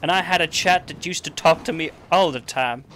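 A man putting on the voice of a boastful old man reminiscing in a retirement home, drawn out and slow. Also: fairly high pitch, sharp tone, slight background noise, pitched above the performer's own voice.

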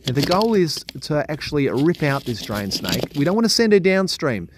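A man's voice: on the high side, very animated, normal speed, noisy background. An Australian man who cleans drains, talking casually and enthusiastically to his camera, full of slang and mild swearing. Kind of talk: casual vlog commentary.

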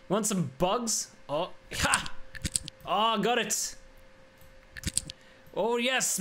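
High-voiced man playing a video game. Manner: playful, talks to the crocodile in a coaxing voice. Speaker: gaming YouTuber. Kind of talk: casual gameplay commentary. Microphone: USB desk microphone. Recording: background game noise with clicks.

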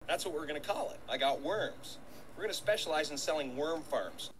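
An actor playing a dim, overeager young chauffeur who rambles cluelessly, in a film clip. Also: male voice, on the high side, lively intonation, fairly quick, fairly bright tone, low-quality recording. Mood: chatty. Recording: film audio with background noise.

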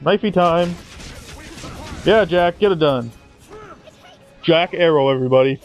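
Soft background music plays behind this man's let's-play commentary on his own game, which is sarcastic, mock-dramatic, and casually profane. His voice is a little high and a little slow.

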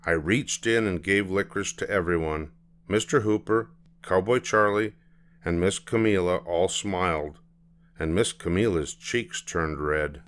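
An older man reading a children's storybook aloud in a gentle, expressive manner. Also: deep voice, a little slow. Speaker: storybook reader.

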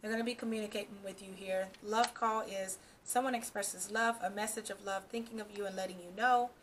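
A woman's voice: mid-range voice, steady tone, a little fast, a little hiss or hum. A woman doing a casual tarot reading for her channel, talking straight to the viewer and reassuring them, often checking in with "okay" and "all right". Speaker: tarot reader.

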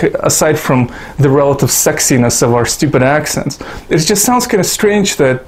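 A man's voice: a little high, animated, moderate pace, few pauses. A Russian-born man giving rambling, sarcastic commentary to his YouTube audience, swearing constantly and making self-mocking asides. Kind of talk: profane casual commentary to camera.

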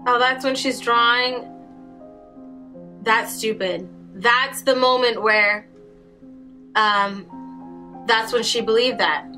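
A woman's voice: fairly high pitch, fairly even intonation, slow, long pauses, pushed and bright, soft background music. A woman hosting a casual reaction video, reacting aloud with gushing exclamations. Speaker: reaction channel host.

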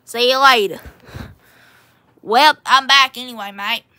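A woman's voice: fairly high pitch, a little slow, sharp tone. A woman playing the country Australia as a character in a playful home role-play, rambling and ending nearly every sentence with "mate". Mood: chatty.

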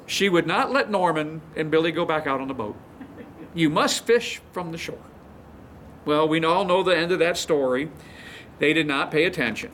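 A man's voice: a little high, a little fast, fairly bright tone, a little hiss or hum. A male pastor teaching a sermon, retelling stories in a folksy, chuckling way.

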